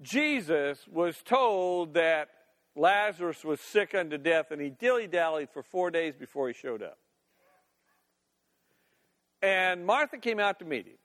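A man's voice: fairly high pitch, expressive, a little slow, long pauses, a bit bright. An older man preaching as a pastor. He reads scripture aloud, then talks it over in a conversational way and acts out the scenes in different voices. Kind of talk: sermon with scripture reading.

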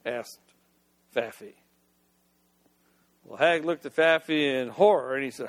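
A man's voice: medium pitch, unhurried, long pauses. A man telling a story in a leisurely, folksy way, with "well" asides and restarts. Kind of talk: storytelling narration. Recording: long hall reverb.

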